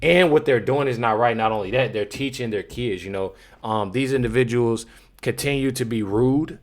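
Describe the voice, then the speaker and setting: A man's voice: medium pitch, moderate pace. A man hosting a reaction commentary, rambling and repeating himself, talking to viewers as y'all and bro. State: has the hiccups. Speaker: commentary channel host.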